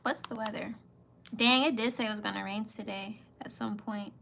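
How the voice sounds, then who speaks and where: A woman's voice: medium pitch, steady tone, normal speed, creaky, pushed and bright. A woman in her twenties chatting casually as a vlogger, playful and slangy, laughing often. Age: 20s. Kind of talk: casual chat reacting to comments.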